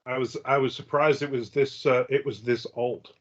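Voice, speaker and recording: A man's voice: medium pitch, steady tone, normal speed. Joking New Jersey guy, dull audio. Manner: joking, rambling, teasing. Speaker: podcast host. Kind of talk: casual chat. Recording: dull lo-fi sound.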